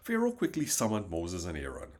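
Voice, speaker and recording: Man reading the bible out loud, dramatic, pitch going up and down a lot. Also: wildly swooping pitch, fairly quick. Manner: dramatic, emphatic narration. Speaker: Bible reader. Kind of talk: expressive scripture reading.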